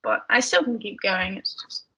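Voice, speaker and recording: A woman's voice: mid-range voice, animated, normal speed, vocal fry, a bit bright, slight background noise, poor audio. A young woman with an English accent, chatting casually as a podcast guest, mumbly with lots of fillers. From England. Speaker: guest athlete.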